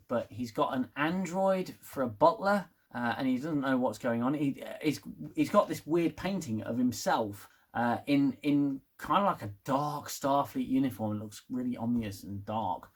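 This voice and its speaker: A man's voice: medium pitch, normal speed. Guy ranting about a tv episode, chatty, swears a lot, keeps restarting sentences. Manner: rambling, swears, gets worked up. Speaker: TV review vlogger. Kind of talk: casual spoken review.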